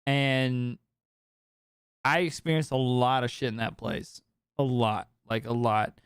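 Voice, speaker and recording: A man in his late twenties telling a personal story in casual podcast chat, animated and full of swearing and filler words. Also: medium pitch, slow, clean tone, no room sound, studio quality. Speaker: podcast speaker.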